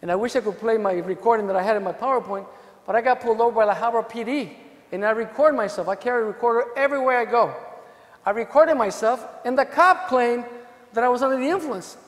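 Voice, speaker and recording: In a hotel conference hall, a DUI defense lawyer with a very high-pitched voice talks at a quick pace, joking throughout and acting out courtroom anecdotes, including dialogue with cops and jurors. A long reverb tail trails his words.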